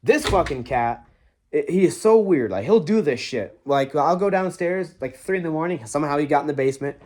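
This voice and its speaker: A man's voice: a little high, expressive, a little fast, darkish tone. Profane young man rambling through a ghost story. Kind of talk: casual storytelling to camera.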